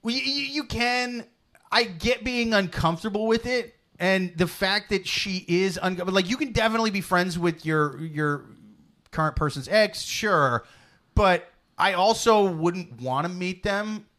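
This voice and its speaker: Excitable swearing male podcast host. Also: high-pitched, a little slow. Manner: animated, swears freely, bursts into loud mock voices. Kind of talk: casual comedic chat.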